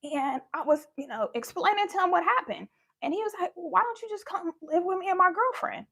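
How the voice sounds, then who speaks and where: A woman's voice: extremely high pitch, expressive, fairly quick, a bit bright. A young woman candidly telling a personal story in a live talk, acting out what people said. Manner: candid, conversational, acts out quoted lines. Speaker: speaker sharing her story.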